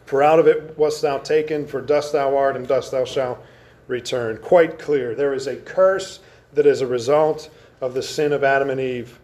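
A man teaching an adult Sunday school class, reading scripture aloud and slowing down to stress key words. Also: medium pitch, fairly even intonation, a little mellow. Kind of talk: Bible lesson to an adult class. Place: church classroom.

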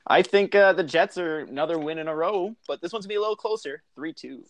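A young man co-hosting a casual sports podcast, relaxed and laid-back. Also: a little high, quick pace. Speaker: podcast co-host.

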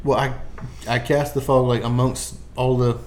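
A man's voice: medium pitch, little pitch movement, normal speed, a little hiss or hum. A man playing a tabletop game, explaining his moves casually with lots of "like". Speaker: player. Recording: roomy echo.

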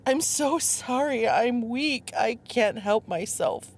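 A melodramatic young woman, played by a woman, pleads in a voice pitched far above her speaker's own. The delivery is breathy and theatrical, in the spirit of a cheesy comic role play. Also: very animated, a little slow, darkish tone. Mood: pleading.

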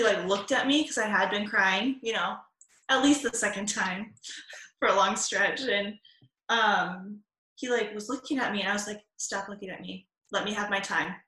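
Woman talking slow and thoughtful, bright clear voice, echoey room. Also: mid-range voice. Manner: slow and thoughtful, searching for words. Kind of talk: casual podcast chat.

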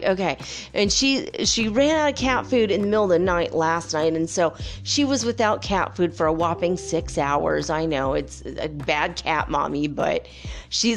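Woman, lowish voice, chatty vlog storytelling, rambling, faint music behind. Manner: animated, rambling, with playful whoops and laughs. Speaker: vlogger. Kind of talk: casual storytelling to viewers. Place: home by the Pacific.

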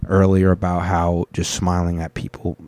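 A man with a lowish voice rambles through casual reaction commentary, swearing often and restarting his sentences. His voice sounds dry and close, with no room echo. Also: monotone, moderate pace, a little mellow. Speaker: streamer reacting to videos.

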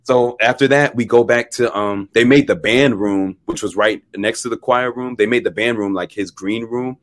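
In a mid-range voice at normal speed, a young man who is a musician guest on an interview show shares a story. He's relaxed and animated, laughs a lot, and acts out people's lines. There's no echo.

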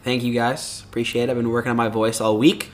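A man's voice: mid-range voice, flat delivery, quick pace. Man reading out listener questions. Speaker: podcast producer.

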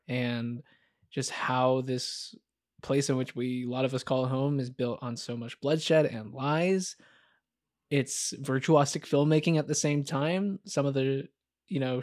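A man's voice: medium pitch, a little mellow, no echo, clean studio sound. Candid rambling podcast co-host, man. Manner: rambling, candid, heavy on fillers. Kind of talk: casual film chat.

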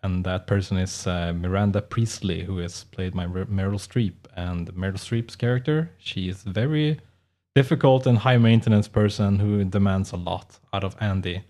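Low-voiced man rambling through funny stories. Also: moderate pace, mellow. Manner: rambling anecdotes, laughs often. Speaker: podcast co-host. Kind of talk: casual chat.

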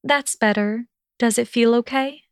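A woman voicing a quick-tempered young female witch, speaking higher and slower in an indignant way. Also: steady tone, clean tone, no room sound, clean studio sound. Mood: gentle. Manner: huffy, indignant delivery.

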